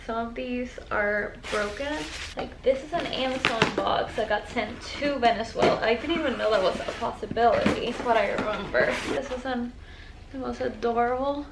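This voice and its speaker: A woman's voice: a little high, creaky, very noisy. A young woman chatting casually at home as she vlogs about decorating, gushing and saying "y'all" often. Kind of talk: casual vlog chat. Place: at home indoors.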